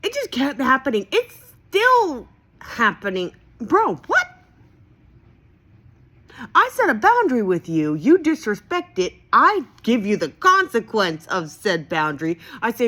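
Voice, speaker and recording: A woman's voice: wildly swooping pitch, a little slow, pushed and bright. A woman venting in a heated, profane, emphatic monologue to her viewers. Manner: heated, profane and emphatic, with sudden pitch swings. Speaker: vlogger.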